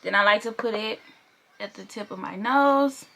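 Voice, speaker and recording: Her voice sits on the high side, fairly bright with vocal fry, and she keeps a moderate pace. A young beauty vlogger, she chats casually through a makeup tutorial, playful, a little foul-mouthed, and laughing as she goes.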